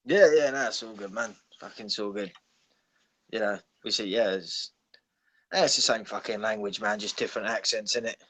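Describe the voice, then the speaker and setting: A man's voice: lowish voice, normal speed, pushed and bright, no room sound. A man talking casually on a livestream call, laid-back and profane. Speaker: guest. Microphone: call microphone.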